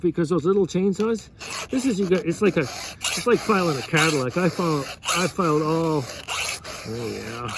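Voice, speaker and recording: Folksy rambling man over file rasping. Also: fairly high pitch, noisy background. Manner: folksy, chuckling, repeats and restarts often. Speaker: fishing lodge owner giving advice. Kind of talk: rambling casual advice while sharpening a chainsaw.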